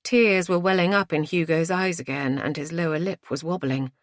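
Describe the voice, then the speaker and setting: A woman with a low voice reads an audiobook in steady, measured narration. The recording is dry and close, with no room sound. She keeps an even, unhurried delivery. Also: no echo. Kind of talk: scripted narration.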